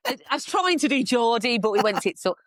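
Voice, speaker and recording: Animated English woman telling stories. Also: a little high, quick pace, no room sound, clean studio sound. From England. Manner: animated, acts out voices, swears, laughs often. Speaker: podcast guest. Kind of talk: casual storytelling chat.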